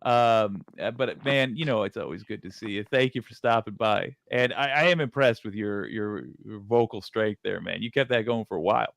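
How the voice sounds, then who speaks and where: A man's voice: lowish voice, normal speed, creaky, hardly any pauses, a bit bright, dry recording. A man hosting a live stream, easygoing and friendly in his banter. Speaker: host.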